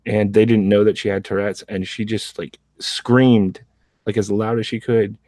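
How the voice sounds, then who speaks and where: A man with a lowish voice hosts a loose podcast chat. He rambles, restarts his sentences and laughs between thoughts. His sound is dry and close. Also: flat delivery, moderate pace, darkish tone, dry recording. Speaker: show host.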